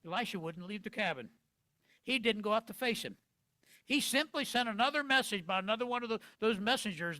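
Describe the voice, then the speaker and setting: A man preaching a sermon as pastor, animated, acting out quoted lines with big swings in loudness. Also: high voice, no room sound.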